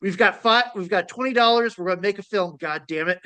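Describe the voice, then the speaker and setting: A man co-hosting a casual podcast, animated and wisecracking. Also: high voice, brisk, clear, resonant tone. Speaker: podcast co-host. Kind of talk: casual chat.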